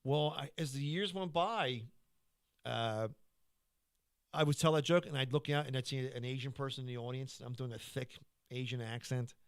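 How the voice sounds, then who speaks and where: A man's voice: mid-range voice, moderate pace, clear, resonant tone. A man who is a comedian, chatting casually on a podcast, rambling through his stories with frequent stammering restarts.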